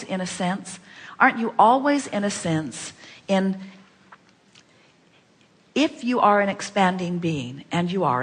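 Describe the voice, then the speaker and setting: A woman speaking at a spiritual workshop, talking about herself as "we" and driving her point home with rhetorical questions and repetition. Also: mid-range voice. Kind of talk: inspirational teaching with audience questions. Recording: long hall reverb.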